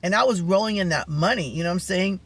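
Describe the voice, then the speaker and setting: Man, feminine-sounding voice, raised pitch, rambling casual storytelling, lots of asides. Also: fast talker, a bit bright, slightly rough. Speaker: vlogger.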